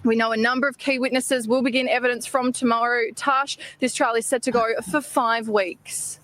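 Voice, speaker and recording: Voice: medium pitch, level tone, normal speed, fairly bright tone. Reporter delivering a formal news report.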